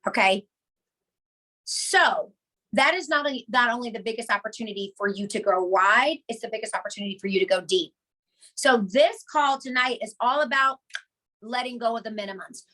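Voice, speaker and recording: Bright, high-voiced woman leading a team call. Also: moderate pace. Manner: energetic, emphatic, repeats key points, chatty asides. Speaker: team leader hosting a call.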